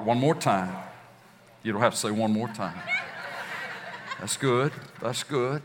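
A man preaching a sermon as pastor, leading his congregation in call and response with slow, emphatic recitation. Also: mid-range voice. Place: church sanctuary. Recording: distant hall reverb, faint ambience.

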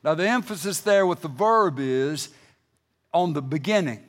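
A middle-aged man preaching a sermon, emphatic, rising to loud bursts and then dropping low and quiet when he reads scripture. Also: animated, normal speed.

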